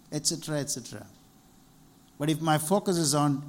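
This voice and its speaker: A man's voice: medium pitch, brisk, darkish tone. A middle-aged man from India preaching a sermon and sharing a personal testimony, earnest and repeating key phrases for emphasis. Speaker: preacher, doctor.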